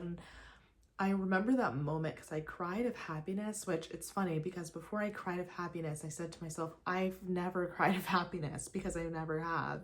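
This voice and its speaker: At home, a young woman who vlogs about faith chats casually while getting ready, talking about faith and surrender. Her voice is lowish and brisk, and she restarts often and uses many fillers.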